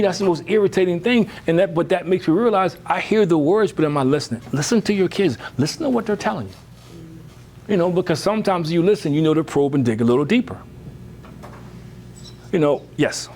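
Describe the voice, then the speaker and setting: A man giving a lively motivational talk to parents, full of rhetorical questions and "you know.". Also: a little fast. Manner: lively, emphatic, rising high when animated. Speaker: speaker on parenting.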